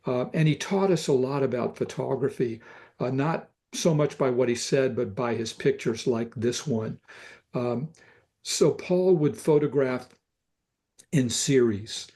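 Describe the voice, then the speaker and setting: An older man with a Southern US accent, a photographer talking thoughtfully about pictures, pausing often with fillers. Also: mid-range voice, dark tone. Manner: thoughtful, halting with many fillers. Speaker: photographer guest. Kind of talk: reflective conversation about photographs.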